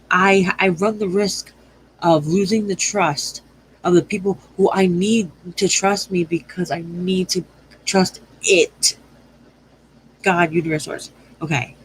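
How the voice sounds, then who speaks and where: A woman's voice: low voice, a little hiss or hum, rough recording. A woman giving a channeled astrology reading to her viewers. She rambles, swears freely and often stops to correct her own words. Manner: rambling, profane, self-correcting. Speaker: astrology and tarot reader.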